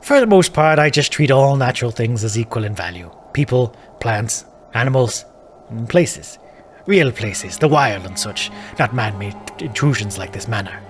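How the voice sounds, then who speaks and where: A man playing a gruff, wry druid, a plainspoken country man in a video game who speaks of old gods and omens with dry certainty. His voice sits at a middling pitch with a faint hiss of noise behind it. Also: animated, moderate pace, lightly acted. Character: plainspoken middle-aged male Irish druid hotel guest.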